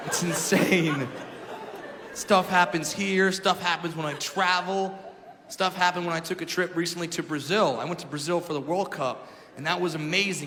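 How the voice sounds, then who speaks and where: A man performing a stand-up comedy set on a club stage, loud and animated, shouting his punchlines. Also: a little high, a little hiss or hum. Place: comedy club stage before a live audience. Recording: reverberant club with crowd laughter.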